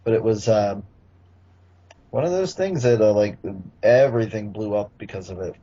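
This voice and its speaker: A man's voice: lowish voice, normal speed, warm tone. A man co-hosting a casual podcast, speaking bluntly and swearing casually. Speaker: podcast co-host. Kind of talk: casual chat. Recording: dull lo-fi podcast audio.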